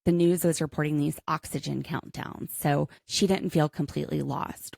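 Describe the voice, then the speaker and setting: A woman who is an attorney, co-hosting a podcast in casual chat, chatty and quick with quips, laughing often. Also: low-pitched, creaky, darkish tone, no room sound, clean studio sound.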